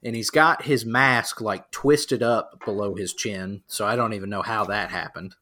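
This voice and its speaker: A low-voiced man in easygoing podcast banter. He jokes, swears freely and meanders through his story. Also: moderate pace, sharp tone. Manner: joking, profane, meandering. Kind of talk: casual chat.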